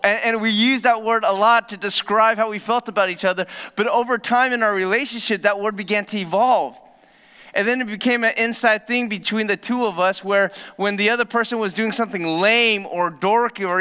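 A male pastor preaching a sermon, often dropping to a low, soft voice to stress a point. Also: brisk, clear, resonant tone. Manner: dramatic drops to a low soft voice for emphasis. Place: church hall. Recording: reverberant church hall.

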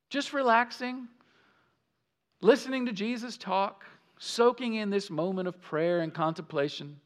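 High-voiced man preaching a lively sermon. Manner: animated storytelling, swings between loud urgency and soft intimacy. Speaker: pastor.

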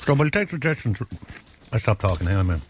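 A man's voice: fairly low pitch, big pitch swings, fast, noisy background. A man with an Irish accent co-hosting a breakfast radio show, bantering jokily and laughing at his own jokes. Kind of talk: casual on-air banter.

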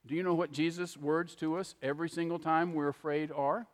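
High-voiced pastor preaching. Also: male voice, steady tone, a little fast. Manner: conversational preaching with frequent "okay?" asides. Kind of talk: sermon. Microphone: handheld microphone. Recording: long hall reverb.

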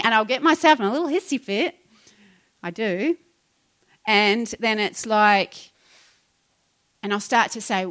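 A middle-aged woman pastor, preaching in a conversational and animated way and acting out her own complaints. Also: medium pitch, unhurried. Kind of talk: sermon.

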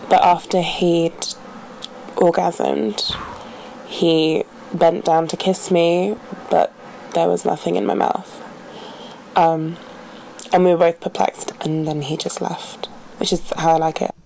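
A woman caller leaving a recorded message in a smooth, raspy, deadpan voice. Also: on the low side, slow pace, a little hiss or hum, rough recording.

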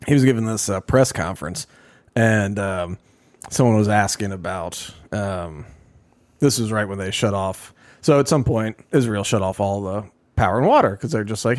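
A man's voice: lowish voice, animated, moderate pace, dry recording. A man co-hosting a podcast in casual chat, rambling and acting out quotes in raised voices. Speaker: podcast co-host.

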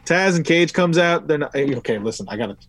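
A man's voice: fairly high pitch, lively intonation, fast talker. A man hosting a casual podcast chat, rambling loosely through his notes and swearing now and then. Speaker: podcast host. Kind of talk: casual wrestling recap chat.

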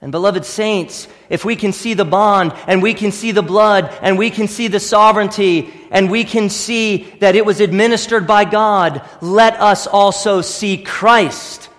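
A man preaches in a church sanctuary, pressing his point with repeated rhetorical questions. His voice sits high for a man. Long reverb from the hall trails after each phrase. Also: steady tone, a little slow, hardly any pauses, fairly bright tone. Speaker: pastor. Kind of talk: sermon.

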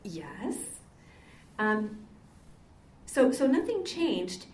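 Drawing out her words, an older Catholic sister speaks in a mid-range voice with big swings in pitch. Her talk is a conversational, story-filled lecture, chatty and full of ums, recorded in an echoey meeting hall from a distant microphone.

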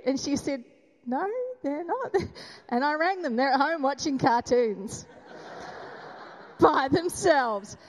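A woman in her thirties tells a candid, self-deprecating story of motherhood, her voice pitched fairly high. She speaks in a church hall, and the long reverb trails after each phrase. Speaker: mother giving a testimony at a church gathering. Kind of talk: personal testimony talk.

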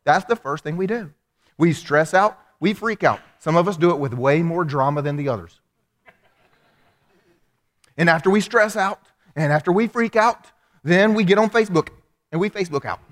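A man preaching a sermon in a church, animated and humorous, acting out the voices of the people he quotes. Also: on the high side, normal speed, long pauses. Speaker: pastor. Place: church hall. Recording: long hall reverb.

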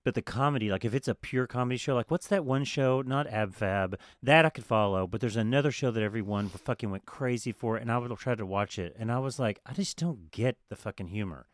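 A man's voice: medium pitch, fairly quick, hardly any pauses, no room sound, clean studio sound. Easygoing man, casual chat. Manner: relaxed, agreeable, swears casually. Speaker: podcast co-host.

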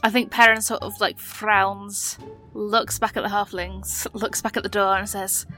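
A woman's voice: medium pitch, level tone, measured pace, sharp tone. A woman playing a tabletop role-playing game, speaking in character in a playful, hesitant way with many restarts. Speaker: player. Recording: long reverb, faint music behind.

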